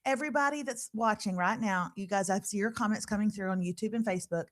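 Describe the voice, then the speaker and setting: A middle-aged woman hosting a casual live podcast, telling lively stories and mimicking people. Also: medium pitch, fast talker. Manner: animated storyteller, laughing, mimicking others. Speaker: podcast host.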